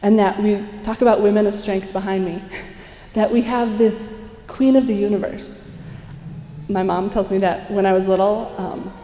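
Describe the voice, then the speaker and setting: Animated woman speaker in an echoey hall. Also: medium pitch, moderate pace, a little hiss or hum. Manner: animated storytelling, acts out quotes, laughs often. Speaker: conference speaker. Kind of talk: inspirational talk to a live audience. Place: large conference hall. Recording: echoey hall, heard from a distance.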